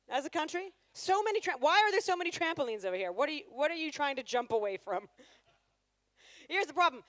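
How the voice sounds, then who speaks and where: A woman's voice: high-pitched, a bit bright, dry recording. A woman performing a live stand-up comedy set on stage, chatty and sarcastic, teasing the crowd.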